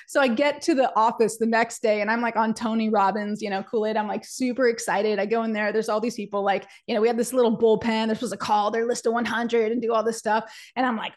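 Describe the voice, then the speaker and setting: A woman with a somewhat high voice presents a business webinar as a coach. She tells her story in an animated, chatty way, scattering "like" through it and acting out quotes. She keeps turning to address her audience directly. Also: fast.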